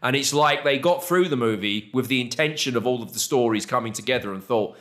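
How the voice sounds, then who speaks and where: A man's voice: mid-range voice, animated, fairly quick, a bit bright. Wry, rambling male podcast host. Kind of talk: casual podcast chat.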